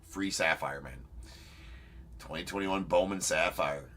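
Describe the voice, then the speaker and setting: A man's voice: deep voice, unhurried, a bit bright. A man hosting a live card-breaking stream, joking and teasing a viewer as he gives casual commentary.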